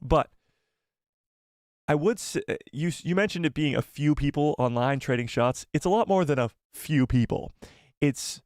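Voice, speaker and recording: Animated male live-stream host, dry sound. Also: on the high side, normal speed, dry recording. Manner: animated, exclaiming, repeats himself. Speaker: host of a live fan show. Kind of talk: casual live-stream chat reading donations.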